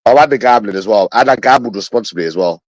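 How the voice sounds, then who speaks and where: Low-voiced bitter London man ranting. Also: quick pace, no echo, low-quality recording. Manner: bitter, repetitive, swears often. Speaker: livestreamer talking to his chat. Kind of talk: rambling livestream monologue.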